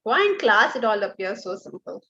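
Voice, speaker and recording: A woman giving a class lecture as a Vedanta teacher, lively and asking her students rhetorical questions. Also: mid-range voice, normal speed, lo-fi sound.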